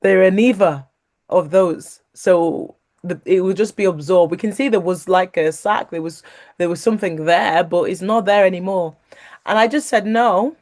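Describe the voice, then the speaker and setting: A woman with a lowish voice speaks at a normal pace as a guest telling a personal faith story. She's animated, laughing as she goes and acting out what other people said.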